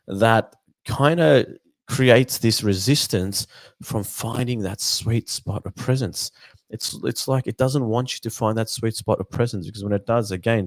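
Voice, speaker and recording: Male host for a spiritual book discussion. Low voice, dry close sound, thoughtful and meandering delivery with halting restarts. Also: no echo. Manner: thoughtful and meandering, with frequent "you know" and repeated words. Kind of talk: reflective spiritual book discussion, reading passages aloud.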